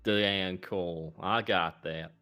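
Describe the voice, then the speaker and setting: A man playing a stubborn small-town cop who drawls and talks folksy, pitched low. Soft music plays behind him. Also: steady tone, takes it slowly, exaggerated voice. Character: suspicious small-town southern male police officer.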